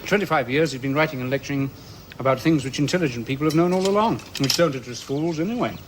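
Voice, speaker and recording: A man's voice: on the high side, fast, background noise, lightly acted. An actor in a radio drama playing a bitter, sardonic middle-aged man who mocks and rants. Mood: scornful. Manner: mocking, ranting, sarcastic.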